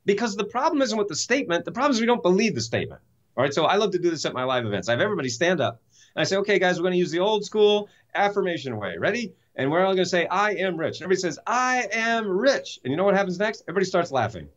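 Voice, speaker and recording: A man's voice: high voice, sing-song, rapid-fire, lo-fi sound. A man speaking as an interview guest, telling a story with enthusiasm and emphatic rhetorical questions. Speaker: guest, self-help author and speaker.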